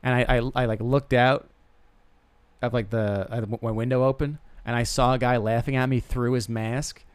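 A young man talking off the cuff in a comic monologue, mid-pitched and recorded dry and close. He rambles and restarts his sentences, and he pokes fun at himself as he goes. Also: steady tone, moderate pace, clean tone, no room sound. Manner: rambling, self-deprecating, stammering restarts. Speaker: podcast host. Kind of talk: casual comedic monologue.

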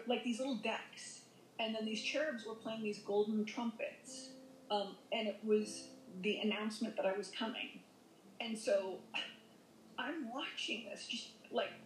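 A woman's voice: fairly high pitch, slight background noise. A woman telling a personal near-death story as a podcast guest, rambling with many fillers and self-corrections. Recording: echoey room.

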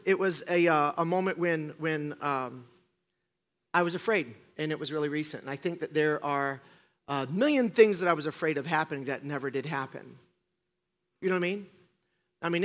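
A middle-aged man preaching to a church congregation. He tells a story in an animated, self-mocking way, acts out what others said, and slips in deadpan jokes. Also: a little high. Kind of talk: storytelling sermon. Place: church stage before a congregation.

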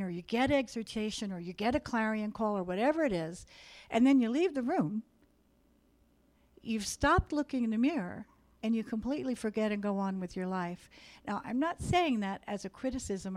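A woman's voice: on the high side, lively intonation, fairly quick, a little mellow. A woman preaching a sermon in a church meeting room, earnest and exhorting as she speaks to the room.

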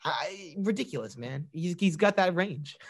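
A man co-hosting a casual sports podcast, excitable and prone to stammered restarts. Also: high voice, measured pace. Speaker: podcast co-host.

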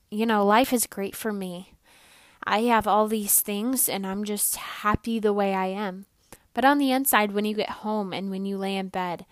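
A young woman speaks to her listeners in an earnest, encouraging devotional podcast talk, repeating her main phrases for weight. Her voice sits at a middle pitch. The recording is dry and close, with no room echo. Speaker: podcast host.

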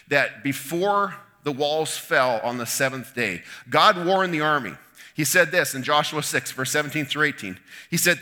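A man preaching a sermon, retelling a Bible story in an animated way with asides to his listeners. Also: medium pitch.

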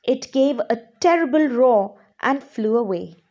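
A woman's voice: a little high, expressive, darkish tone. A woman teacher reading a storybook aloud to language learners and explaining words along the way. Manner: slow and clearly spoken, explaining to learners. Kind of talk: reading a class reader aloud.

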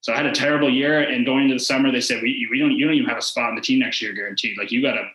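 Fast-talking man, bright echoey voice. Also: mid-range voice, fairly even intonation. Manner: rambling, heavy use of "like" and quoted dialogue. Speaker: former hockey player, podcast guest. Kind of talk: casual storytelling interview. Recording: echoey room.

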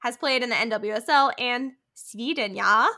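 Talking casually about a soccer match on a podcast she co-hosts, a young woman laughs often and swears freely. Her voice is a little high with a sharp tone, at a moderate pace.

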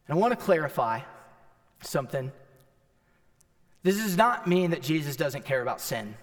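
A man with a high voice preaches a sermon, emphatic and dramatic. He swings from loud, ringing declarations down to hushed near-whispers. His voice carries the long reverb of a large hall. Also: sing-song, normal speed, long pauses. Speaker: pastor.

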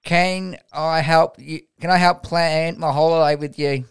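A man hosting a podcast, asking slow, halting questions. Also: fairly high pitch, steady tone, clear, resonant tone. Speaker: podcast host. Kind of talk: interview questions.

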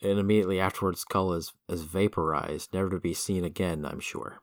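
A man co-hosting a comics podcast, speaking in a measured, thoughtful way with frequent ums. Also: low-pitched, steady tone, no echo, studio quality. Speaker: podcast co-host. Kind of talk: casual chat about comics.

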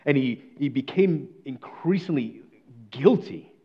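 Dramatic preacher dropping to near-whispers. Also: male voice, mid-range voice, animated, unhurried, breathy edge, muffled recording. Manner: dramatic, swings from declaiming to hushed near-whisper. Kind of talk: sermon.

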